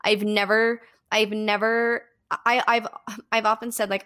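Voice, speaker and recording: A woman's voice: mid-range voice, unhurried, fairly bright tone. A woman in her thirties, a singer and voice teacher, telling a story in a casual podcast chat and acting out what others said to her in shifting voices.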